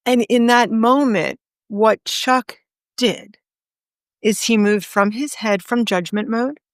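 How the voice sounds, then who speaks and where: A woman guest in a podcast interview, telling a story earnestly with emphatic pauses. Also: on the high side, no room sound, studio quality. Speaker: guest author and speaker.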